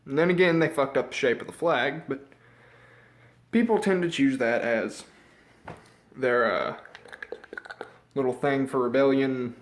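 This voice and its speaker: Speaking unhurriedly in a mid-range voice with long pauses, a young man from the United States delivers a casual opinion rant on his vlog. He wanders, swears a lot, and loses his thread, seeming out of breath and a bit unwell.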